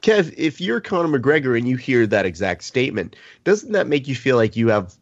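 A man hosting a sports podcast, leading the discussion in an expressive, playfully indignant way. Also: medium pitch, normal speed, dull audio. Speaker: podcast host. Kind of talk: casual sports talk.

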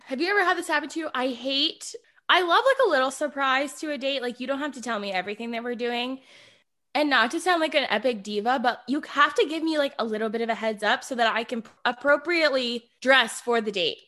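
A young woman chats casually, telling her own story in an expressive, playful way with quick asides. Her voice is high and bright. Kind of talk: casual chat.

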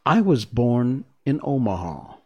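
A man voicing a sorrowful little male humbug wizard, gentle and apologetic, speaking softly. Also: mid-range voice, big pitch swings, takes it slowly, husky, lo-fi sound, heavily acted. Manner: apologetic, gentle, soft-spoken.

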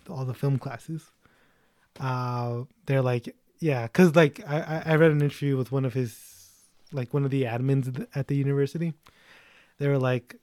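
A young man chats casually, rambling as he tells a story and filling pauses with ums and uhs. The sound is close and dry, with no room around it. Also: medium pitch, a little mellow, no room sound. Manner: rambling, chatty storytelling with many fillers. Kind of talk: casual chat.

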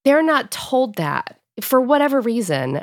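Emotional woman author, thirties, warm laughter, close dry mic. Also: a little high, very animated, measured pace, dry recording. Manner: heartfelt, emotional, laughs often. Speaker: author guest. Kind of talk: podcast interview.

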